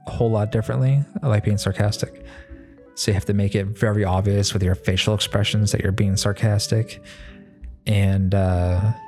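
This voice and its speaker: A man's voice: deep voice, a little mellow. A man, a mechanic, talking in a loose, rambling monologue full of fillers and restarts, swearing now and then. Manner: laid-back, swears casually. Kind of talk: casual monologue.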